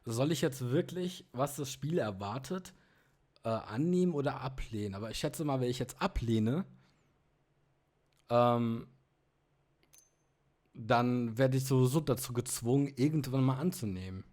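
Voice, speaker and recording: A man's voice: medium pitch, animated, moderate pace, pauses often, darkish tone. A man casually commenting on a video game, muttering and getting frustrated. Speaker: let's player. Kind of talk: gameplay commentary.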